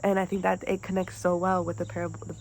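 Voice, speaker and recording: A young woman retelling a parable for a class, then reflecting on it in an earnest, halting way with restarts. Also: lowish voice, level tone, darkish tone, a little hiss or hum, low-quality recording. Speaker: student presenter.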